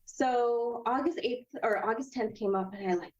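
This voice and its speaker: A woman in her thirties, a podcast guest, telling a personal story in a casual, animated way, acting out quoted voices and laughing often. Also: a little high, a little slow, lo-fi sound.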